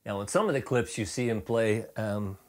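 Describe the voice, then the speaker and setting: A man teaching a rock guitar lesson in a relaxed, chatty way, with fillers and restarts, playing along on guitar. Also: on the low side, moderate pace.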